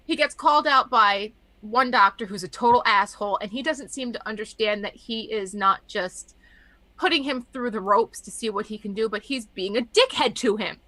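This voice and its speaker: A woman with a high, bright voice tells stories in a casual podcast chat. She talks animatedly and acts out what people said. The sound is dry and close. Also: normal speed, dry recording. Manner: animated storyteller acting out quotes. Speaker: podcast host.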